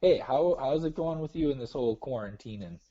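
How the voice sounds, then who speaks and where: A man's voice: mid-range voice, animated, fairly quick, dark tone. A man from Minnesota with a Minnesotan accent, calling into a show and chatting casually, laid-back and teasing, laughing often. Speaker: caller. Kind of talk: casual chat. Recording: dull lo-fi call audio.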